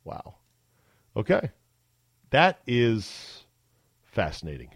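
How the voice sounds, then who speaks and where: A man's voice: on the low side, wildly swooping pitch, slow pace, noisy background. A man hosting a podcast in casual talk, chatty and wry, with mock-amazed asides. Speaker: podcast host. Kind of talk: casual sports and news talk.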